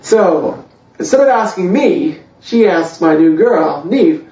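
A man's voice: high voice, animated, slow pace, warm tone. A man from Canada, a church worship director, telling his faith story with humor, self-deprecating and full of fillers. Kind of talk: personal faith testimony. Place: church hall. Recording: echoey room, distant, dull mic.

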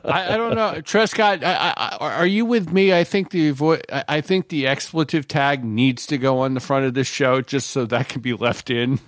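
A man's voice: a little high, moderate pace, hardly any pauses, no room sound, clean studio sound. A man co-hosting a podcast, joking with the others and inviting listeners to visit him. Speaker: podcast co-host from a museum. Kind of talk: casual chat.

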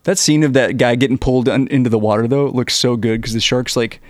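A man's voice: medium pitch, steady tone, brisk, no echo, studio quality. A man co-hosting a podcast, laughing often and jumping in with playful quotes from the film. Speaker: podcast co-host. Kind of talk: casual film chat.

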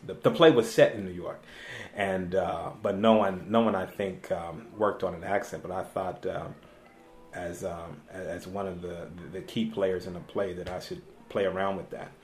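A male actor chatting as an interview guest, halting with many fillers and restarts and laughing easily. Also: low-pitched, steady tone. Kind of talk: casual interview chat. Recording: roomy echo.

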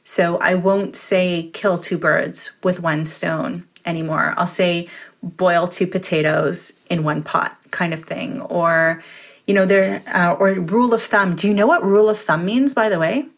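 Earnest woman giving calm advice. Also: lowish voice, unhurried. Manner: earnest, advice-giving, thinks aloud with restarts. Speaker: podcast guest. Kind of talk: casual podcast conversation.

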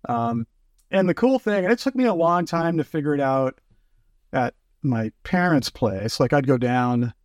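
Animated man telling fishing stories. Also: a little high, normal speed, no room sound, studio quality. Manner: animated, acts out quotes, lots of fillers. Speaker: fly fishing guest. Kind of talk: casual storytelling chat.

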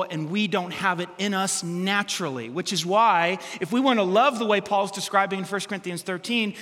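A man preaching a sermon as pastor, animated and humorous, acting out quotes from everyday life. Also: high-pitched, big-room sound.

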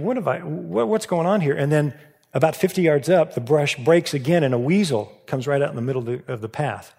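A man of around fifty, a pastor telling stories in a sermon, earnest and often dropping to a hushed, soft delivery. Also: on the high side, breathy edge. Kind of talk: storytelling sermon. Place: church sanctuary. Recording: long reverb of a large church hall.

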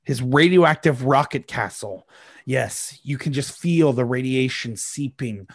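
A man's voice: mid-range voice, measured pace, breathy edge, no room sound. A man narrating as game master of a tabletop game, playful and rambling, with frequent fillers.

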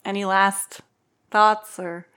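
A woman's voice: mid-range voice, flat delivery, fairly bright tone, smooth. Woman hosting, laying out the rules. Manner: organized, lays out rules, quick asides. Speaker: podcast host. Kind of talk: casual chat.

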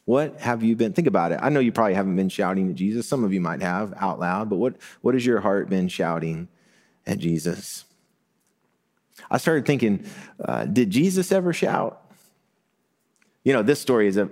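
A man's voice: fairly low pitch, sing-song, moderate pace, long pauses, darkish tone. A man giving a sermon as a pastor in a church, talking conversationally and lifting his voice for emphasis. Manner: conversational preaching, rising for emphasis. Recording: long hall reverb.

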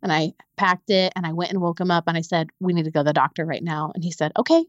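A young adult woman, a podcast guest, telling a painful personal story in a halting way, repeating words when it gets hard. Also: lowish voice, no room sound, lo-fi sound.

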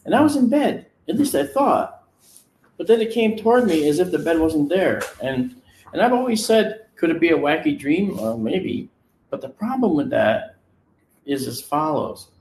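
A man casually telling a personal story in an animated way, acting out the voices of the people he quotes. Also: a little high, normal speed, reverberant, a little hiss or hum. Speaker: guest recounting a personal experience. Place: on location, indoors.

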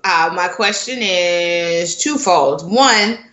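Opinionated woman podcast co-host, bright voice, roomy echoey sound, casual chat delivery. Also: on the low side, slow, lo-fi sound. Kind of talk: casual discussion of a TV episode. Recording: roomy echo.

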